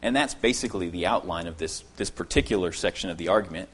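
A man preaching an expository sermon to his congregation, earnest and emphatic, repeating key phrases and dropping to quiet asides. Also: mid-range voice, animated, fairly quick.

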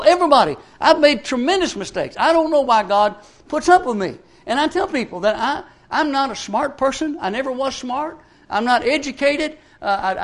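Older male preacher, strikingly high voice, homespun earnest sermon delivery with stumbling restarts. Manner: folksy, earnest, repeats words when starting phrases.

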